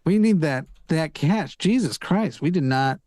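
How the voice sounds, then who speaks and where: A man's voice: a little high, lively intonation, a little slow, darkish tone, dry recording. A man joining a charity livestream as a guest, joking, teasing and thinking aloud while he fixes his stream settings. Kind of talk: casual livestream chat.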